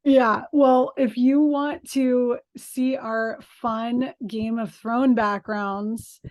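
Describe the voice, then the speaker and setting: A woman's voice: on the high side, steady tone, extremely slow, a little mellow. A woman co-hosting a podcast, chatting casually in an upbeat, giggly way with lots of fillers. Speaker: podcast co-host.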